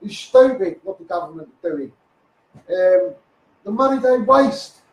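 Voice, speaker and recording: A man's voice: high-pitched, lively intonation, a little slow. A man with a Liverpool accent ranting in a Facebook live monologue, swearing and firing repeated asides at his viewers, recorded on a phone. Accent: Liverpool (Scouse). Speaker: self-styled activist livestreamer. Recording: echoey room, far from phone mic.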